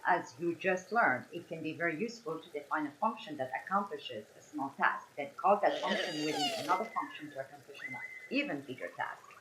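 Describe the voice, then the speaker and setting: Woman, French accent, low voice, chatty, apologetic, faint background noise. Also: a bit bright, poor audio. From France. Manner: apologetic, chatty, talks through each step. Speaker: streamer. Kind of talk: casual live-stream commentary.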